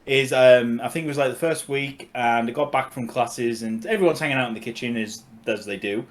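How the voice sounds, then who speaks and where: A middle-aged man from Cumbria with a Cumbrian English accent, co-hosting a casual podcast chat and laughing often as he talks. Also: mid-range voice. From Cumbria, England. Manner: chatty, laughs often, quick bursts. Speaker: podcast co-host.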